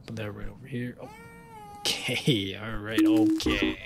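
A man giving casual commentary on a horror game playthrough. He curses a lot and jokes, and at times he taunts the game's monster in a loud, high voice. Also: sing-song, a little slow. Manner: profane, taunting, joking. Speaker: gaming YouTuber. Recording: game music behind the voice.

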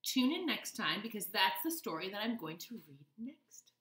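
Reading a picture book to kids, a young woman uses a mid-range voice and a slow, lively, teacherly delivery, with noticeable reverb around her.

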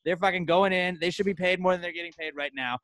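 A young man co-hosting a podcast, ranting loudly and angrily with lots of swearing. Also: high-pitched, fairly even intonation, fast talker, no room sound. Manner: profane, loud, angry ranting. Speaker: podcast co-host. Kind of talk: heated rant on a podcast.

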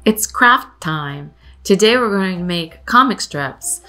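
A woman reading a story aloud to children and then showing a craft, gentle, clear and patient. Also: medium pitch, animated, slow pace, faint music behind. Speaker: museum storyteller and craft presenter.

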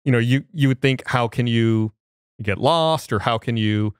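A man's voice: mid-range voice, moderate pace, smooth, no room sound. Dry-voiced man explaining on a podcast. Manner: explains step by step, with restarts. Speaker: podcast co-host. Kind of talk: casual explanatory chat.

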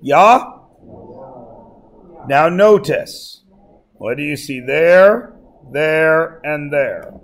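A man's voice: a little high, lively intonation, very slow, long pauses. A male math teacher lecturing a class, joking and often checking that everyone follows. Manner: jokey, keeps checking in with the class.

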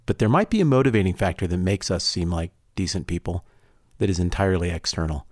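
A man's voice: low voice, fast, a little mellow, no room sound. A man co-hosting a podcast, talking in a thoughtful, reflective way in casual chat into a close microphone. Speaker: podcast co-host.

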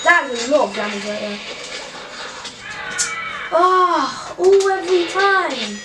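Female gaming host, high voice, unhurried delivery, excitable outbursts, recorded far off in an echoey room. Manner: excitable, frequent exclamations. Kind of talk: live gameplay commentary. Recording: roomy, distant mic, loud game noise.

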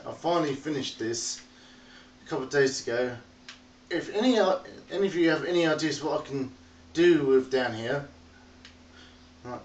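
Man narrating a casual game tour, slow and rambling, recorded on a distant, echoey phone mic. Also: medium pitch, slight background noise. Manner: rambling, chatty, talks to animals in a playful sing-song. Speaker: video game tour guide.

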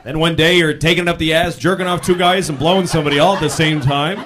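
A male comedian telling stories in a stand-up set, shouting out the lines of people he acts out. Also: on the high side, fast talker, a little hiss or hum. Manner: animated storytelling, shouting acted-out quotes. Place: comedy stage. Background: audience laughter.

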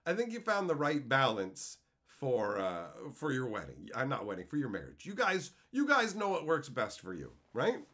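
Animated, profane man chatting to his stream. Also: mid-range voice, normal speed, few pauses. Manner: animated and profane, bursts into loud exclaiming. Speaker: streamer answering chat. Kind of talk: casual live-stream chat.

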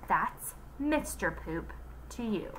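A woman's voice: medium pitch, sing-song, slow, fairly bright tone, slight background noise. A woman reading aloud as a fussy, rule-obsessed young man who supervises a playground, speaking primly. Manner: prim, stickling.

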